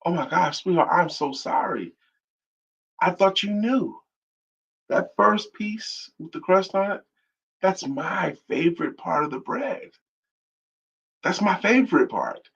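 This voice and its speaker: A soft-spoken old husband, gentle and apologetic, as a man puts him on in a story. His voice is husky, and the audio is dull. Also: high voice, expressive, a little slow, pauses often, pitched above the performer's own voice, full character voice.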